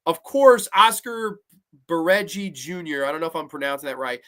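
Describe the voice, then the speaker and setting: A man's voice: fairly high pitch, lively intonation, moderate pace, fairly bright tone. A man hosting a casual review podcast, enthusiastic and swearing freely as he chats. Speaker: podcast host.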